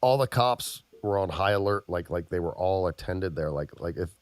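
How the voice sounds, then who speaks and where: A man with a low, animated voice speaks at a moderate pace, with no echo in the recording. He co-hosts a podcast, chatting casually and telling rambling, profanity-laden stories.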